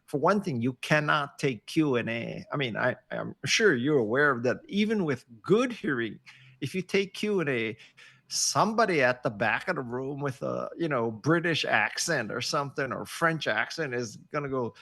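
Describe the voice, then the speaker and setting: A man over sixty, a podcast guest on a video call, chatting casually as an animated, joking storyteller. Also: medium pitch, moderate pace, creaky. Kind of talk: casual interview chat. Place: home office on a video call.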